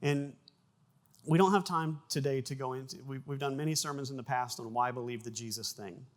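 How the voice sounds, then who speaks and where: A man's voice: medium pitch, brisk. Conversational male pastor preaching. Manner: conversational preaching with restarts, bursts of loud acted sound effects. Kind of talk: sermon.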